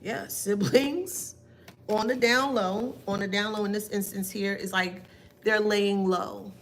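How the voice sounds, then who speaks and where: Gravelly-voiced woman giving a spiritual reading. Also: mid-range voice, fairly even intonation, a little slow, noisy background. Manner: taunting, emphatic rhetorical questions. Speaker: tarot reader.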